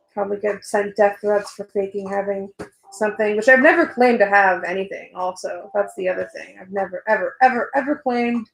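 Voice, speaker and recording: A woman's voice: mid-range voice, reverberant, rough recording. A young woman chatting casually while she works on a drawing, rambling and swearing, getting worked up at times. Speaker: artist vlogger.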